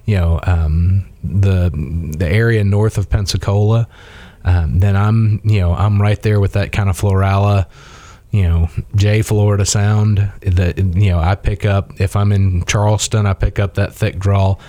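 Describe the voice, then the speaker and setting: A man with a low, mellow voice tells rambling stories in a casual chat, full of fillers and restarts. He grew up in Mississippi. The recording is dry and close. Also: fairly even intonation, unhurried, no echo. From Mississippi, USA. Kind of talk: casual conversation.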